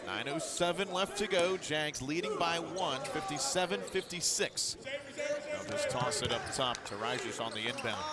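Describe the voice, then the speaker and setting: A man's voice: on the high side, very animated, a loud crowd. A man doing live radio play-by-play of a college basketball game, calling each pass in short clipped phrases and rising sharply when a basket falls. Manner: rapid clipped play calls, rising sharply at big plays. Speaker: play-by-play announcer. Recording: loud arena noise behind.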